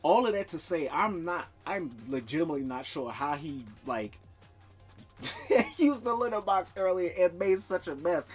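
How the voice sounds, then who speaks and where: A man's voice: a little high, expressive, normal speed, husky, faint music behind. A man streaming, telling a rambling, profane story in casual chat and laughing often.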